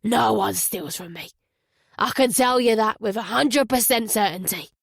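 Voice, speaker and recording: A woman reading a gravelly East London man who is used to giving orders, curt and indignant. The voice sits a touch high and carries forcefully. It is recorded dry and close. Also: moderate pace, no echo. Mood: brusque. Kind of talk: audiobook character voice.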